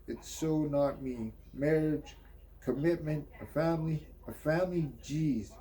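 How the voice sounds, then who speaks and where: A man's voice: on the high side, warm tone. A man reading a comic book aloud in a casual, offhand way, ad-libbing and swearing between panels. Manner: slow, offhand, swears and ad-libs.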